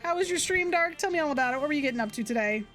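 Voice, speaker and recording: A woman's voice: high-pitched, lively intonation, very fast, a bit bright, soft background music. A young woman streaming a game, chatting casually with viewers and reading game text aloud in an upbeat way. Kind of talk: casual gameplay livestream chat.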